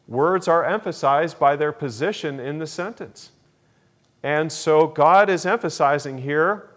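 A man preaching a sermon, slow and deliberate, repeating key phrases for emphasis. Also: on the high side. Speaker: pastor.

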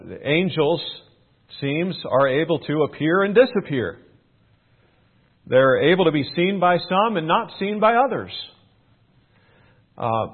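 Preacher man on a narrow phone-like line. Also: mid-range voice. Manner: measured, repeats key phrases for emphasis. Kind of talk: sermon.

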